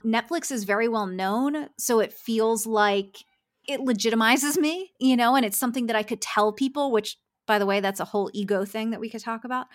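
A woman's voice: a little high, brisk. A woman, a success coach, talking earnestly in a podcast interview and laughing often.

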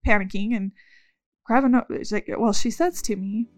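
A woman telling her story in an interview, rambling and halting, breaking off mid-sentence and restarting. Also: mid-range voice, soft background music. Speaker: interviewee recounting events. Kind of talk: casual spoken recollection.

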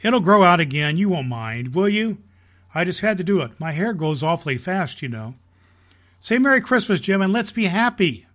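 A man's voice: fairly high pitch, lively intonation, normal speed, fairly bright tone. A man reading as a pleading young wife. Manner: earnest, pleading.

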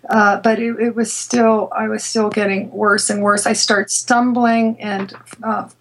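A woman guest telling a personal story in conversation, halting and restarting her sentences, laughing now and then. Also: medium pitch, level tone, slight background noise, poor audio. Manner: halting, with many restarts and repeated words. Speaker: interview guest.

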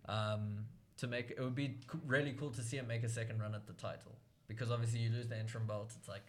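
A man's voice: medium pitch, fast. A young man co-hosting a podcast, chatting casually with frequent "um"s, breaking into laughs now and then. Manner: relaxed, laughs often, hesitant fillers. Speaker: podcast co-host. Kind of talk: casual chat.

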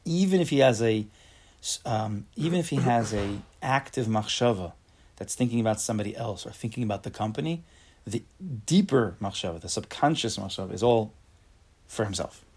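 Gravelly-voiced man giving a Torah class. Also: fairly low pitch, animated, brisk, a little mellow. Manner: acts out angry everyday voices, asks the class questions. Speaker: Torah teacher. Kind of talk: casual shiur, reading and explaining a text.

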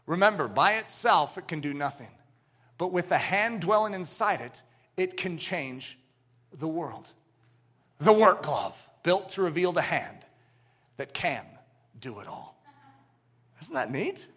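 A man preaching a sermon, emphatic, swinging from shouted lists to hushed lines. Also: sits high, lively intonation, moderate pace.

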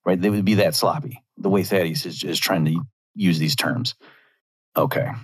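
A man's voice: sits low, moderate pace, slightly rough. A man talking through a commentary monologue, arguing his point with rhetorical asides.

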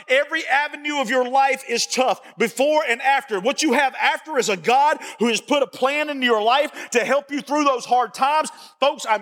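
A male pastor preaching a sermon, folksy and repetitive, building to shouts. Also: very high voice, big-room sound. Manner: folksy, repeats phrases, rises to shouting. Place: church sanctuary.

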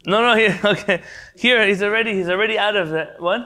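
A man's voice: high-pitched, fairly quick, bright, forceful tone. A man teaching a Talmud class over a video call, translating Hebrew terms, quizzing the class and jumping between points. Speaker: Torah teacher.

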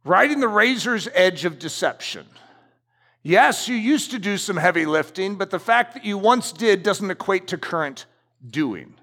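A man's voice: high-pitched, lively intonation, moderate pace, fairly bright tone. A middle-aged man preaching a sermon as pastor, emphatic and repetitive as he drives his points home in a church. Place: church sanctuary. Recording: church hall reverb.

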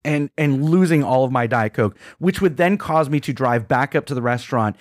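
A man co-hosting a podcast, telling a rambling, animated story with lots of restarts and quoted asides. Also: medium pitch, fairly quick, no echo, clean studio sound. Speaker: podcast co-host. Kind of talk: casual chat, storytelling.

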